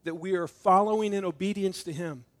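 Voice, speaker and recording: A middle-aged man preaches at a communion service, his voice sitting a little higher than most men's. He pushes hard on key points, then drops to a near hush, and acts out the voices in his stories. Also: a little fast. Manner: swings from loud emphatic preaching to hushed intimate tones; storytelling with acted-out dialogue. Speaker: pastor. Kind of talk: communion sermon.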